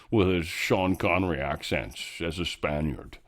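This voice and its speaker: A man's voice: sits low, unhurried. A man hosting a casual news commentary show, talking in a rambling, offhand way with lots of fillers and restarts. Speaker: show host.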